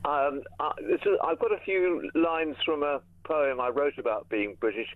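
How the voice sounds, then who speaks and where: A male caller reads out his own rhyming verse at a measured pace. He comes through a tinny, dry phone line, close and without room sound. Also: on the high side, dry recording. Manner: measured, rhythmic recitation. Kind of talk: reciting his own poem.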